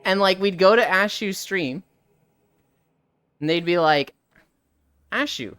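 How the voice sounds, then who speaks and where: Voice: medium pitch, a little slow, a bit bright, clear, resonant tone, no echo. A livestreamer in casual chat with viewers, who tells stories animatedly, acts out what friends said, swears and laughs often.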